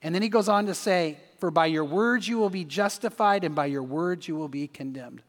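A man's voice: on the high side, a little fast. A man preaching a sermon as pastor, emphatic, with repeated words and joking asides. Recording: long hall reverb.

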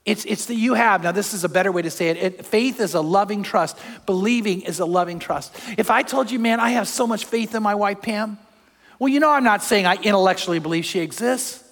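Older guy pastor preaching, high voice, big churchy reverb, acts out the stories. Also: fairly quick, creaky. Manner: animated storytelling, acts out crowd shouts. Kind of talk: sermon. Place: church sanctuary. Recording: long hall reverb.

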